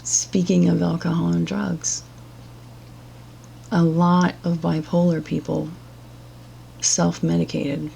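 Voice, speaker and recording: A woman's voice: on the low side, level tone, takes it slowly, gravelly, long pauses, mellow, slight background noise. A woman giving blunt, profane and sarcastic reaction commentary as a vlogger.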